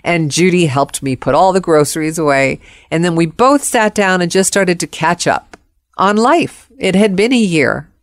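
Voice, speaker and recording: A woman's voice: lowish voice, animated, normal speed, dry recording, studio quality. A woman telling a personal story expressively, acting out the voices of the people in it.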